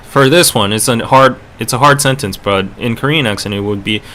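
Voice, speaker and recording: A man's voice: mid-range voice, brisk, sharp tone. A man hosting a casual livestream podcast with a North American accent, rambling and chatty with lots of fillers. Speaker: podcast host.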